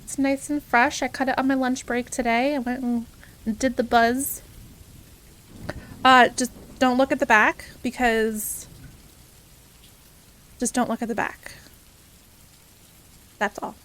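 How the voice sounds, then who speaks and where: A woman's voice: a little high, level tone, takes it slowly, long pauses, fairly bright tone, a little hiss or hum. A young woman streaming live, chatting casually and cheerfully with her viewers, greeting them by name and laughing often. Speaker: variety streamer.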